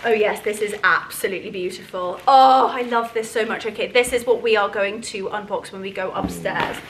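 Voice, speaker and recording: A woman's voice: mid-range voice, moderate pace, hardly any pauses, slight background noise, low-quality recording. A woman chatting casually and gushing as she unboxes things at home. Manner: gushing, effusive. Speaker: vlogger.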